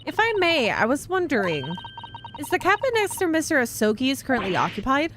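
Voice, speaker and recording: A courteous young female assistant read by a woman, formal and gentle in how she asks things. Her voice is bright-pitched and lively. Light background noise. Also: brisk.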